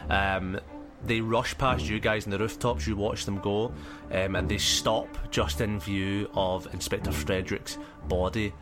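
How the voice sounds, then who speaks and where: Man, game master, low voice, rambling, ums, music under talk. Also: steady tone, measured pace. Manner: rambling, many ums and sort ofs. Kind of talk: narrating a tabletop game.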